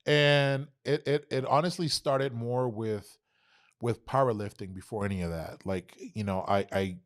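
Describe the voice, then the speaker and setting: A man's voice: mid-range voice, measured pace. A young man from Texas, a podcast guest telling stories casually, swearing often and acting out quoted dialogue. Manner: animated, profane storytelling, acts out quoted dialogue. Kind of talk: casual storytelling interview.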